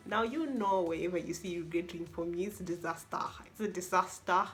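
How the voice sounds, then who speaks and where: A young woman, a university student, telling an expressive, exasperated story-time vlog with lots of repetition. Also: mid-range voice, a little fast, few pauses, faint music behind. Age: young adult.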